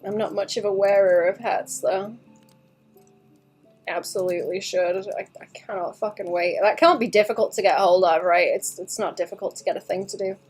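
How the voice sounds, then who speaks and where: A woman's voice: mid-range voice, fairly even intonation, moderate pace, a little mellow, breathy edge, soft background music. A young woman livestreaming her drawing session, chatting casually with viewers, muttering to herself as she works, laughing often and swearing freely. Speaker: artist streaming a drawing session.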